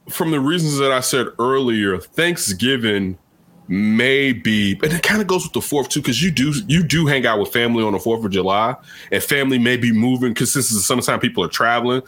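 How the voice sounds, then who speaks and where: A man in his early forties telling a story in casual chat, animated and jumping into loud retold exchanges. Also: mid-range voice, fairly quick. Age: early 40s.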